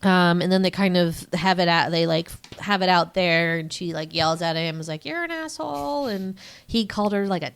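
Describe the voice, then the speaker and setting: A woman's voice: lowish voice, little pitch movement, normal speed, hardly any pauses, clean tone. A young woman co-hosting a podcast, recapping a film in casual, rambling chat full of fillers. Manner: rambling, filler-heavy retelling with acted quotes. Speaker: podcast co-host.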